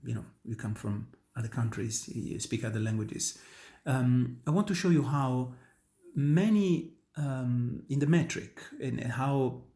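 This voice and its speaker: A man's voice: mid-range voice, a little slow, mellow. A man from Italy, a native Italian speaker with an Italian accent, explaining an opera aria to students in an earnest, emphatic way, often restarting his sentences. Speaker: opera tenor and voice teacher. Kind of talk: instructional talk on singing.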